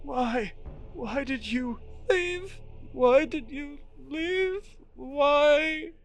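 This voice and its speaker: Brief: a man doing a weeping middle-aged man in a horror board game, pitched up high, strained, anguished, breaking into shouts. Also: animated, slow, faint music behind, full character voice. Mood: anguished sobbing. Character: grief-stricken middle-aged man sobbing in despair.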